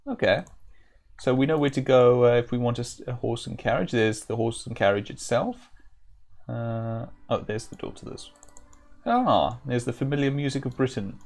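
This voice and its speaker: A man's voice: mid-range voice, animated, normal speed, darkish tone. A man streaming an old role-playing game, thinking aloud and reading in-game text with many hesitant fillers. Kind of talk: live-stream gameplay commentary.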